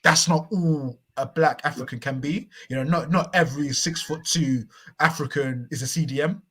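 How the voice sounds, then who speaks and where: A man with a slightly raised voice talks football in relaxed chat. He thinks aloud, stumbling over repeated words before he settles into an explanation. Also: on the high side, moderate pace, husky. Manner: reflective, stammering restarts, storytelling. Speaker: podcast co-host.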